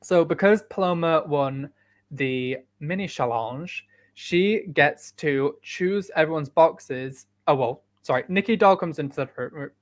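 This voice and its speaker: A British man co-hosts a podcast in relaxed, chatty talk. He drops dry, sarcastic asides. His voice sits a little high for a man. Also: a little slow. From United Kingdom. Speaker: podcast co-host. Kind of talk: casual chat.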